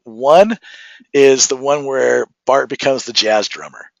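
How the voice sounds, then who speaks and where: A man's voice: medium pitch, slow, creaky, dry recording, muffled recording. A man hosting a podcast, chatting casually and eagerly retelling favorite cartoon scenes with frequent laughter. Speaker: podcast host. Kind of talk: casual conversation.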